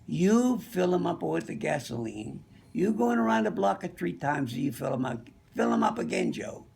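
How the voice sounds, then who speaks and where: A man's voice: high voice, big pitch swings, normal speed, gravelly, a little mellow, slight background noise, exaggerated voice. An older man putting on an old immigrant man, blunt and swearing in broken English. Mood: boastful.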